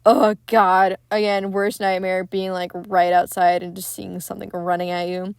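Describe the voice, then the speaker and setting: A young woman hosting a podcast, casually recapping a film in a candid, excitable way, with frequent swearing. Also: lowish voice, moderate pace, creaky, clear, resonant tone, dry recording, clean studio sound. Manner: profane, candid and excitable retelling. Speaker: podcast host.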